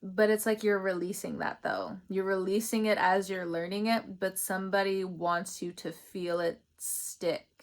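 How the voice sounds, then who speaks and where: A woman's voice: medium pitch, level tone, measured pace, hardly any pauses. A young woman giving a casual, rambling spiritual reading, chatty and laughing often. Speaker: tarot reader.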